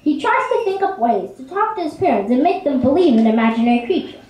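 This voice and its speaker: A woman tells a children's story with a high, animated voice that rises and falls expressively. The room around her is noticeably echoey. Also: quick pace. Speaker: narrator. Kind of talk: storybook narration.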